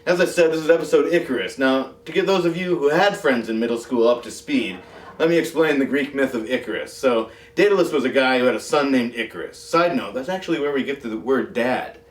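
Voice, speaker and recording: A man hosts a comedy show in a mid-pitched voice, talking through a monologue with dry, deadpan asides. He sits back from the mic in a roomy, echoey space, and faint music plays behind him. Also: a little fast, distant mic. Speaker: talk show host. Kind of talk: comic monologue.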